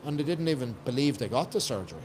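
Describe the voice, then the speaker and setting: The podcast's Irish guest coach has a medium-pitched, darkish voice and talks at a quick, animated pace. Slight background noise is audible as he chats casually, emphatic and blunt, swearing freely.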